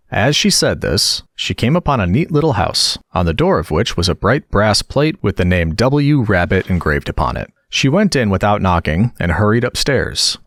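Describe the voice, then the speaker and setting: A man reading a children's classic aloud as a calm storybook narrator, gentle and measured. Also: fairly low pitch, dry recording, clean studio sound. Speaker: audiobook narrator.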